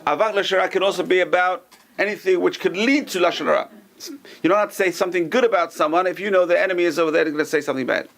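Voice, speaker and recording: A man's voice: high voice, fairly even intonation, very fast, vocal fry, a bit bright. A man teaching an informal Torah class as a rabbi, talking conversationally and acting out gossipy lines with joking asides.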